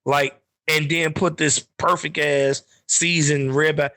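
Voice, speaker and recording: A man from Chicago co-hosting a podcast, telling profane, animated stories in casual chat. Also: a little high, slow pace. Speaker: podcast co-host.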